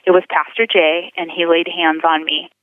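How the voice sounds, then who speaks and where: A woman's voice: on the low side, level tone, normal speed, no room sound. A woman earnestly telling her life story as a guest, calling in by telephone. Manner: earnest, vivid storytelling with acted quotes. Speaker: guest sharing a testimony. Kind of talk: personal testimony over the phone. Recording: tinny phone line, dry.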